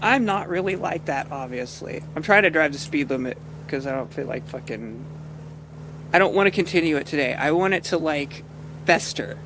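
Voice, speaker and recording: Rambling profane man with a higher voice. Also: expressive, moderate pace, noisy background. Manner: rambling, profane, laughs often. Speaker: streamer. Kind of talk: out-of-character gameplay commentary.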